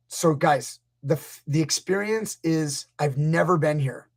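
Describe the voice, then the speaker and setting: A man's voice: on the high side, measured pace. A man, a grappling coach hosting a casual live stream, rambling through stories and acting out what people said. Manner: rambling, storytelling, acts out quotes. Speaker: grappling coach, channel host.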